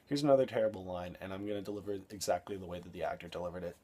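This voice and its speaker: Sarcastic, ranting man with a low voice. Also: rapid-fire, dark tone, breathy edge. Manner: sarcastic, exasperated, swears freely. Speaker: film reviewer. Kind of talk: ranting film review.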